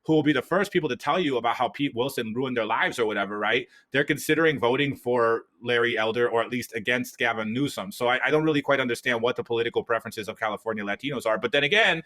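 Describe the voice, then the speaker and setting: A man from the US East Coast co-hosting a political podcast, animated in casual talk and acting out people's voices in his stories. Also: medium pitch, quick pace, few pauses. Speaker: podcast co-host.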